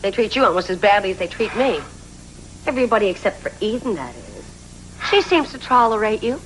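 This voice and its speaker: A woman's voice: medium pitch, very animated, a little fast, a little hiss or hum, close to an everyday voice, low-quality recording. An actress playing a needy, demanding, scheming woman in a 1980s soap opera. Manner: demanding, petulant. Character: needy, scheming woman craving family approval.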